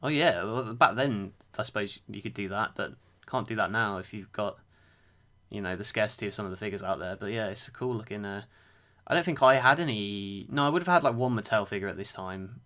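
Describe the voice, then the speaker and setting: A man's voice: fairly low pitch, brisk, pushed and bright. A man co-hosting a wrestling podcast, chatty and eager, thinking aloud as he talks. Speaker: podcast co-host. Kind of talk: casual chat.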